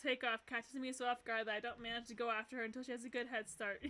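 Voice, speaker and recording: A woman streamer reading a visual novel aloud and gushing excitedly between lines, often giggling. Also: a little high, a little fast.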